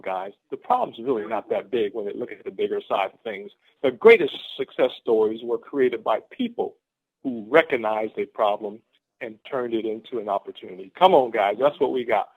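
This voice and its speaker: A man's voice: on the low side, expressive, moderate pace, slightly rough. Hyped-up man on a phone call. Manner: exuberant, repetitive, laughs often. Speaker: guest speaker on a team conference call. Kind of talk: motivational pep talk. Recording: phone-line conference call.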